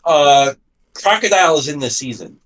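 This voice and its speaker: A man's voice: on the high side, animated, normal speed, fairly bright tone, recorded from a distance. A man co-hosting a talk show, chatting casually in a hesitant, stammering way. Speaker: podcast co-host. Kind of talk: casual chat.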